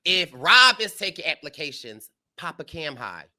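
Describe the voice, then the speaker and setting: A man co-hosting a casual recap chat, animated and heartfelt, laughing often and talking in bursts of fillers. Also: on the high side, normal speed. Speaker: co-host.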